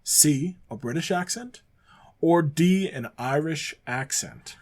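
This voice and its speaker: A man's voice: fairly high pitch, takes it slowly, a little mellow. A man from Canada co-hosting a podcast, reading out trivia questions in an easygoing way. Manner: easygoing, reads multiple-choice options. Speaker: podcast co-host, quizmaster.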